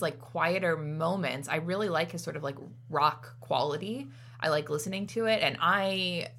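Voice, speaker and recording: A woman's voice: low voice, fairly bright tone, a little hiss or hum. A woman film critic chatting casually on a podcast, full of fillers. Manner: chatty, many fillers, laughs often.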